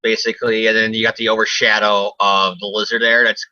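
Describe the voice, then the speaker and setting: A man's voice: fairly low pitch, little pitch movement, fairly quick, pushed and bright, no echo. A man co-hosting a casual comic review chat, rambling, jokey and swearing often. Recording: dull lo-fi sound, dry.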